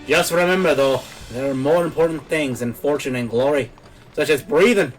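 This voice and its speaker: A man voicing a chatty old male traveling peddler with a put-on Irish accent and folksy, rough country grammar. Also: fairly high pitch, moderate pace, soft background music, lightly acted.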